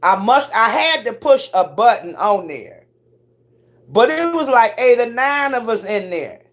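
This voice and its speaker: A middle-aged woman telling stories on a casual livestream, cursing freely and leaping up in pitch when she acts out what people said. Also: unhurried. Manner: profane, animated storyteller who swoops up high for quoted voices. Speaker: live streamer.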